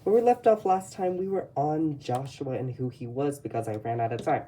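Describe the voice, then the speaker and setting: In casual commentary, a speaker with a Texan accent rambles through their old sketchbook, chatting and often correcting themselves. They speak at normal speed in a medium-pitched, dark-toned voice, with slight background noise.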